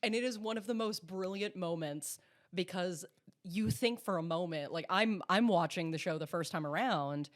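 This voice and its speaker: A woman co-hosting a podcast, chatting casually and excitedly, often laughing, swearing and acting out characters. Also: on the low side, moderate pace. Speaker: podcast co-host. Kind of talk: casual recap chat.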